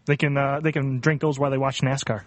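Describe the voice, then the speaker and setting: A man's voice: medium pitch, flat delivery, fast, no echo. A man co-hosting a casual podcast, teasing the others. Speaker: podcast co-host.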